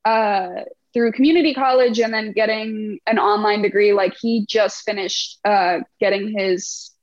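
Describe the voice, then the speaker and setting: A woman's voice: mid-range voice, steady tone, measured pace, no room sound. A young woman, a band's lead singer, chatting casually in an interview and telling stories with a laugh. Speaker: band frontwoman. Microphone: video call. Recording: muffled video call audio.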